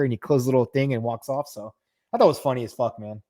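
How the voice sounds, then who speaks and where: A man co-hosting a podcast in casual chat, animated and quick to stumble and restart, swearing freely as he talks. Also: mid-range voice, no room sound, clean studio sound. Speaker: podcast co-host. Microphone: podcast mic.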